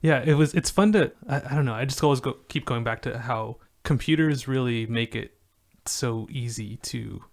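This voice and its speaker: A man's voice: medium pitch, moderate pace, gravelly, few pauses. A man co-hosting a music podcast, chatting loosely about songwriting with lots of filler words. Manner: rambling, loose, many fillers. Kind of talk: casual chat.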